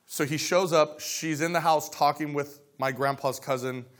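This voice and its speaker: A man preaching a sermon, telling stories and acting out scripture dialogue, dropping to quiet asides between loud exclaimed lines. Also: fairly high pitch, steady tone, moderate pace. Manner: storytelling, swings from soft asides to loud dramatic quotes; acts out dialogue of scripture characters. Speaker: pastor.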